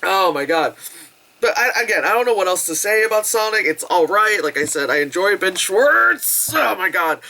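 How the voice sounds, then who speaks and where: A young adult woman chatting casually through a movie review, animated and giggly, swearing freely and acting out squealing quotes. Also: on the low side, normal speed.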